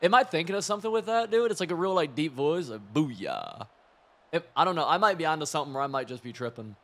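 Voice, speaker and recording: A young man giving loose, excitable commentary while playing a football video game, chatty and profane, laughing often. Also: on the high side, very fast. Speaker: gaming streamer. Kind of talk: live gameplay commentary.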